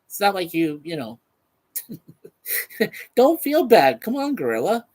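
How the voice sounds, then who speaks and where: A man's voice: sits high, wildly swooping pitch, slow, a little mellow, poor audio. A man hosting a casual live stream, chatting loosely with many fillers and reading out viewer comments.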